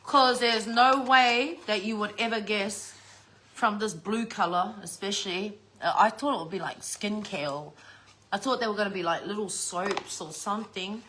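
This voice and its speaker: A middle-aged woman chatting to her camera in a loose, unscripted way. She swears freely and breaks into laughter often. Her voice sits at an ordinary, middle pitch for a woman. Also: normal speed, bright, forceful tone, a little hiss or hum. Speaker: vlogger. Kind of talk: casual unboxing chat.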